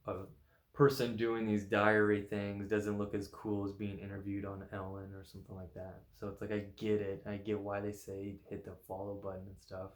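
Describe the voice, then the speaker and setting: A man in a casual weekly vlog, his voice sitting a little low. He rambles along with constant "like" and "you know" fillers. He laughs easily at his own jokes. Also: completely flat delivery, normal speed, roomy sound. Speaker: vlogger.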